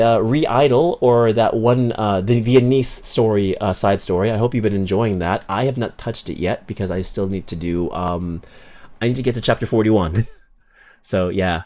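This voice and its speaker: A man chatting casually on a live stream, rambling and excitable, dropping into low mutters and then bursting into loud thank-yous for viewers. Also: normal speed.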